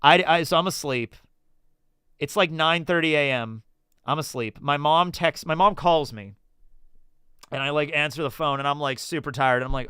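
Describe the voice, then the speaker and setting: A man talking on a casual live stream, his voice bright and smooth. He rambles through questions and stories and gets animated along the way. The sound is dry and close to the mic. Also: a little high, a little fast, no room sound. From United States. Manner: rambling, animated storytelling with laughs.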